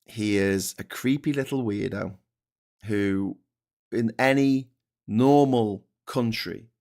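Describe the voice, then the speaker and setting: A man's voice: on the low side, darkish tone. A middle-aged man with a Liverpool accent hosting a show, ranting sarcastically about politics, swearing and restarting his sentences. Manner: sarcastic, swears freely, mocks people in put-on voices; stammering restarts. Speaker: show host.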